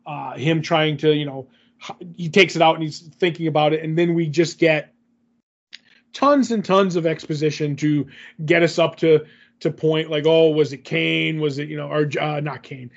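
A man's voice: on the high side, fairly even intonation, normal speed, muffled recording. A man co-hosting a podcast, rambling through a comic book recap in casual chat, with lots of fillers and self-corrections.

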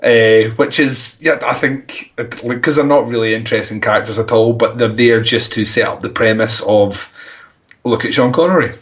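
A man's voice: mid-range voice, fairly even intonation, moderate pace, fairly bright tone. A man chatting casually as a guest on a film podcast, laughing often and joking at his own expense.

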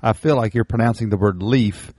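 A man's voice: lowish voice, brisk, mellow, slight background noise. A man co-hosting a podcast, bantering casually with jokes and self-deprecating asides. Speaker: podcast co-host. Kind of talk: casual chat.

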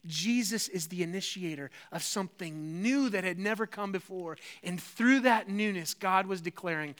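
Bright, clear-voiced preaching man. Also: high-pitched, moderate pace, few pauses. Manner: earnest preaching with frequent restarts and scripture quotes. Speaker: pastor. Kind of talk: sermon.

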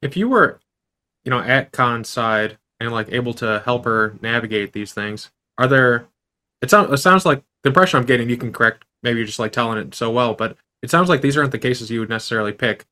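A male interviewer with a bright, forceful tone asks questions in a casual way. He hedges and fills his questions with filler words as he works his way to the point. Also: medium pitch, fairly quick. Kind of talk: conversational interview.

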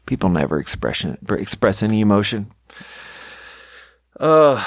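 A young man from Sweden rambles through personal stories on his podcast, swearing casually and poking fun at himself. His voice sits a little low. The sound is close and dry, with no room around it. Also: fairly even intonation, moderate pace, no echo. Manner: rambling, profane, self-deprecating storytelling. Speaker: podcast host. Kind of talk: casual monologue. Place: home room.

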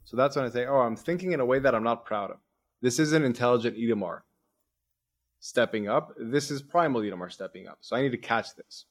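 A man hosting a podcast, coaching his guest in an energetic, explanatory way and quoting his own inner thoughts as examples. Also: mid-range voice, fairly quick. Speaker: podcast host, performance coach. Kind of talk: coaching conversation.

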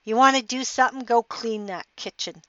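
A woman voicing a bitter, cynical wife with sharp, snappish retorts in a story she tells on her podcast. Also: on the high side, slow, no room sound, heavily acted. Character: bitter, then tearful wife, middle-aged woman. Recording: dull lo-fi podcast audio.

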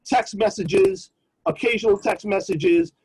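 A man co-hosting a podcast, telling a personal story in a casual, slangy, animated way. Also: high-pitched, measured pace, slightly rough, low-quality recording. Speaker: podcast co-host.

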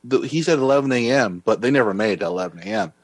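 A man chiming into a casual movie chat with quick interjections. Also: mid-range voice, expressive, dry recording.

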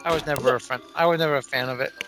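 A man's voice: mid-range voice, steady tone, racing, a bit bright, soft background music. A man in a casual movie podcast, bluntly dismissive and repeating his opinion emphatically. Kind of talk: casual movie commentary chat.

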